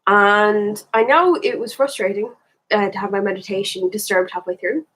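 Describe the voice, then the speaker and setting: A woman's voice: mid-range voice, moderate pace, a bit bright, breathy edge, low-quality recording. An Irish woman talking candidly in a casual reflective monologue, rambling and thinking aloud as she goes. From Ireland. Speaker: spiritual vlogger.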